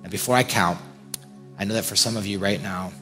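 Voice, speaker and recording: Pastor guy preaching hard, low voice, repeats himself, big echoey church w/ soft music under. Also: a little fast. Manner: fervent, repetitive, emphatic. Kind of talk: sermon altar call. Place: large church hall with congregation. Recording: reverberant church hall with faint music.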